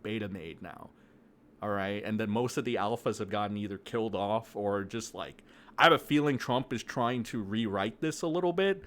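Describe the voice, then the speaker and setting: A young man ranting aggressively into a desk mic, profane and mocking, as an online commentator. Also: lowish voice. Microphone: desk mic, no camera.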